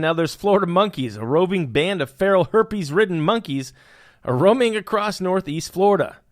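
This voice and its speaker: This young podcast host has a slightly high voice, recorded dry and at studio quality. His comedic news commentary is full of wordplay and excited, joking tangents.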